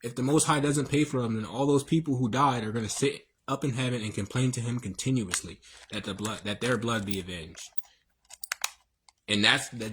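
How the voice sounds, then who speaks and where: A man's voice: mid-range voice, a little hiss or hum. A man hosting a livestream, preaching in a rambling, slangy way with many fillers and restarts. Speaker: livestream host. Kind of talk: casual livestream monologue.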